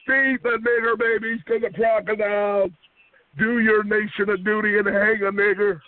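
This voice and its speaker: A man's voice: sits high, flat delivery, moderate pace. A man caller ranting with hostility on a group phone line, repeating chanted taunts over and over. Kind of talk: aggressive prank-call ranting.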